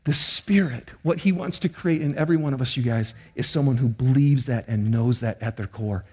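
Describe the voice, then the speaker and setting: A man's voice: medium pitch, fairly quick, darkish tone, slightly rough. A middle-aged male pastor preaching a sermon, telling stories with animation and often turning to speak to the congregation.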